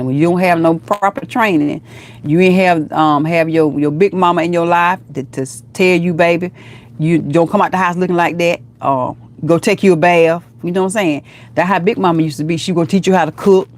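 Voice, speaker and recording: On a livestream, a low-voiced woman vlogger chats while reading viewer comments aloud, calling them "girl" and "honey" in a lively, encouraging way.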